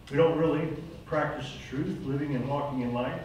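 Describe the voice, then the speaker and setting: A man's voice: on the high side, steady tone, fairly quick, hardly any pauses, darkish tone, a little hiss or hum. Older man preaching in an echoey room. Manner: earnest, plain-spoken, rises to urgent exhortation. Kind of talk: sermon. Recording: echoey room, voice from far off mic.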